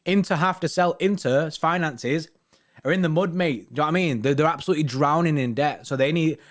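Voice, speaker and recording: A man's voice: a little high, fairly quick. A young man hosting a football fan live stream, chatting casually with viewers, full of slang and tags like "innit" and "you know what I mean".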